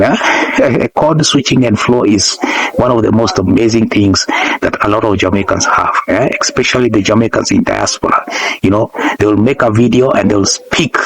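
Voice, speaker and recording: A man hosting a casual reaction video. He talks in rhetorical bursts, repeats himself, chuckles between points and keeps addressing "ladies and gentlemen". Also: on the low side, vocal fry, rough recording.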